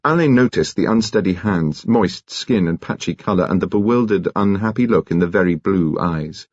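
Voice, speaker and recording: A man narrating an audiobook in a crisp, expressive, measured way. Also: low-pitched, no echo, muffled recording. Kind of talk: scripted narration.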